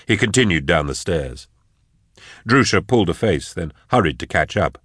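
Deep-voiced male audiobook narrator. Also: lively intonation, moderate pace, fairly bright tone, slightly rough, no room sound, studio quality. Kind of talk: scripted narration.

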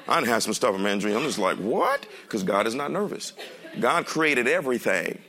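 Animated preacher with a gravelly voice. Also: male voice, medium pitch, fairly quick. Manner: animated, joking, speaks with the congregation. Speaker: pastor. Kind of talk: sermon. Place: church sanctuary.

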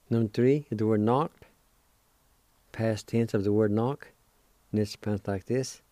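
A man's voice: fairly low pitch, a little slow, pauses often, mellow, no echo. A man hosting a radio language lesson, patiently spelling out words and repeating each syllable with encouragement. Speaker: radio host teaching a language.

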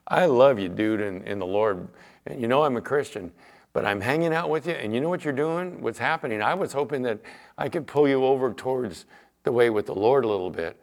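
A man's voice: medium pitch, lively intonation, fairly quick. A middle-aged man preaching as a pastor, telling everyday stories in a chatty way and acting out the back-and-forth of conversations. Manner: chatty storyteller, acts out quoted exchanges, fillers like "you know". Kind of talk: conversational sermon with anecdotes.

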